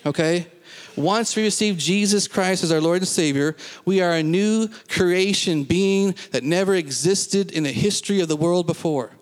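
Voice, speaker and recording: A man's voice: sits high, moderate pace, few pauses, big-room sound. A man preaching a sermon to a congregation, emphatic, repeating phrases and asking the listeners questions. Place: church.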